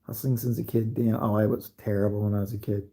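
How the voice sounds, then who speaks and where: Husky guy swearing and laughing thru childhood stories, kinda dark mellow voice. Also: on the low side, level tone, quick pace. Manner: profane, laughing, loose. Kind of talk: casual storytelling.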